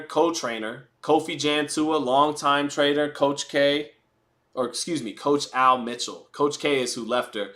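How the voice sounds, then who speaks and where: A man's voice: mid-range voice, a bit bright. A man hosting a live fight watch party, chatting casually, answering viewer chat and making blunt, profane jokes. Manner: blunt and profane with joking asides. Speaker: livestream host.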